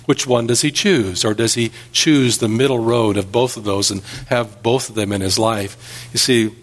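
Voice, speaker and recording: Guy preaching a sermon, earnest, storyteller vibe, middle pitch. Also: fairly even intonation, moderate pace. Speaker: pastor.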